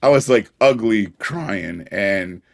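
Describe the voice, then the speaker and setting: A man's voice: fairly low pitch, expressive, slow, vocal fry. A middle-aged man, a podcast guest, telling personal stories in an earnest way and chuckling now and then. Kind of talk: personal storytelling in a conversation.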